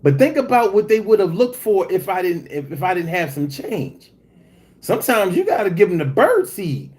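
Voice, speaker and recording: Man, livestream host, lively swooping voice, profane joking chat. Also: normal speed. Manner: animated, swings high when telling stories.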